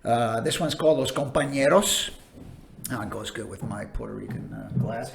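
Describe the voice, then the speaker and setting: A man's voice: lowish voice, brisk, gravelly, crowd noise. A man co-hosting a casual chat, presenting a wine in a chatty, laughing way with many fillers. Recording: echoey room.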